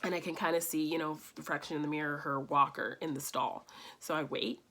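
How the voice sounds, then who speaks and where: A woman's voice: low voice, fairly even intonation, fairly quick, sharp tone. A woman giving a casual movie review, talking with gushing enthusiasm and telling stories.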